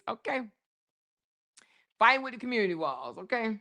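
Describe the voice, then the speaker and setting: A woman hosting a casual livestream, reading viewer comments aloud, laughing often and talking loud and profane. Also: mid-range voice, normal speed. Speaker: livestream host.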